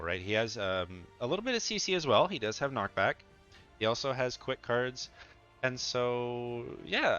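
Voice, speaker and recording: A man's voice: fairly low pitch, bright, forceful tone, lo-fi sound. A man giving chatty, loose gaming commentary, thinking aloud with fillers and restarts, and sounding a bit sleepy. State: sleepy, yawning. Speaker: gaming content creator. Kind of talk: casual tier-list commentary.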